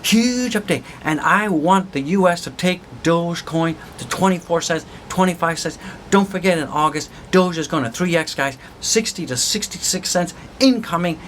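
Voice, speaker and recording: Excitable male vlog host, higher voice, loud repetitive sign-off energy, slight background noise. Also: normal speed. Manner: excited, pumped-up, repetitive hype. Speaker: crypto channel host. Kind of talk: hyped video outro.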